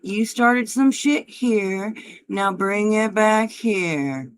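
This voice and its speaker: Slow-talking taunting woman livestreamer. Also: mid-range voice, clear, resonant tone. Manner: taunting, profane, mocking. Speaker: livestream host. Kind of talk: heated livestream argument.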